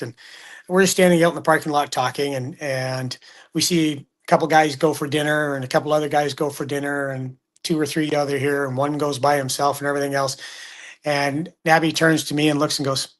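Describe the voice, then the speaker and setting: A middle-aged man talks hockey in a relaxed, chatty way. His voice sits a bit high for a man, and he slips into quoted voices as he tells his stories. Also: brisk. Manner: animated storyteller, acts out quotes. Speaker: hockey broadcaster guest. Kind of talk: casual sports chat.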